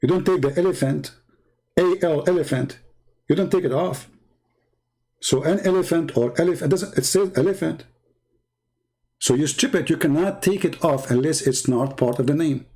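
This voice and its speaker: Combative higher-voiced man hosting a debate. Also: normal speed, long pauses, breathy edge. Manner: combative, mocking, insulting, often shouting. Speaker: debate host. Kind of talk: heated live call-in debate.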